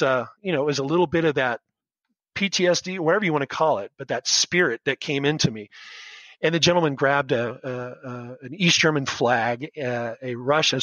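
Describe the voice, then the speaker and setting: This American teacher in his fifties, a guest on a podcast, shares his story in a casual storytelling interview, earnest and emotional, frequently starting over. His mid-range voice sounds pushed and bright; the low-quality recording has no room sound.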